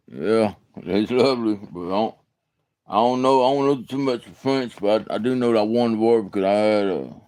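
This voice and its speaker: Halting Southern man, smooth low voice. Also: dark tone, no room sound, studio quality. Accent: Southern American. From Alabama, USA. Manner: halting, repeats words, rambling and folksy. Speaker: livestream host. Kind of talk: casual livestream chat answering comments.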